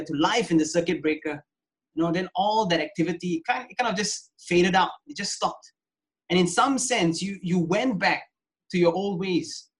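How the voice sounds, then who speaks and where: Pastor, male, fairly high voice, earnest pleading sermon delivery. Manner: earnest, pleading, many "you know" fillers.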